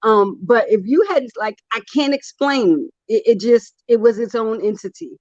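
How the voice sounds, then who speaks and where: A woman's voice: a little high, moderate pace, a little mellow, no echo, dull audio. A woman in her thirties, a poet guest, telling candid and humorous stories in casual chat. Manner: candid, humorous storytelling with laughs.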